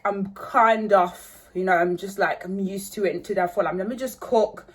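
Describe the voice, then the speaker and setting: Chatty woman vlogging from her kitchen. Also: mid-range voice. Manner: rambling, chatty, many fillers. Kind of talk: casual chat to camera. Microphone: handheld phone.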